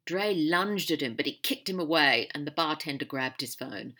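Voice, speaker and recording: A woman narrating an audiobook with a lively, animated reading and a bright, sharp tone. Her delivery moves expressively through the story. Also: deep voice, normal speed, hardly any pauses.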